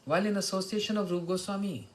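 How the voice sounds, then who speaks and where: A man's voice: high-pitched, fairly even intonation, fast, low-quality recording. A man giving a devotional morning lecture, telling stories and chanting verses. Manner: storytelling, chants Sanskrit and Bengali verses. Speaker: spiritual teacher.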